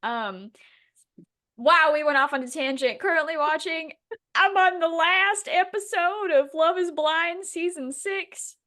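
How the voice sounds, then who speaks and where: A woman's voice: extremely high pitch, a little slow. A young woman co-hosting a book podcast, chatting casually and animatedly, swearing and acting out quotes. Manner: animated, swearing, dramatic quoting. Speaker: podcast co-host. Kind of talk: casual chat.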